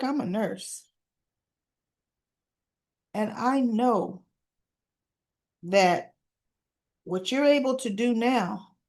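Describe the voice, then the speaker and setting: A woman voicing a young woman nurse who turns from excited to hurt, talking in an emotional, pleading way. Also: medium pitch. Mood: suspicious.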